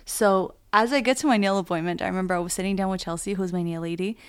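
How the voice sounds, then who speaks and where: A woman's voice: medium pitch, steady tone, fast talker, smooth, no echo. A young woman vlogger and new mother, telling a story in casual chat, laughing often. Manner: chatty, laughs often, many "like"s.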